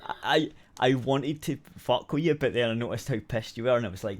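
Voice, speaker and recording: Soft-spoken stammering co-host. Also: medium pitch, fairly quick, heavy background noise. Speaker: podcast co-host. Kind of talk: casual chat.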